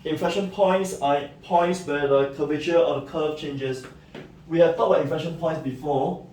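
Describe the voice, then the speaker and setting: A man's voice: a little high, moderate pace, a little mellow, slight background noise. A man giving a recorded math lecture, explaining step by step and checking in with "right?" and "okay". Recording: echoey room, mic at a distance.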